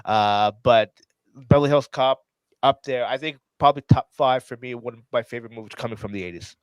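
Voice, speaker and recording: A man's voice: mid-range voice, a little fast, clean tone, dry recording, poor audio. A man co-hosting a movie podcast, talking casually and rambling with lots of fillers. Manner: rambling, many fillers like "like" and "you know". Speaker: podcast co-host. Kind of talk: casual chat.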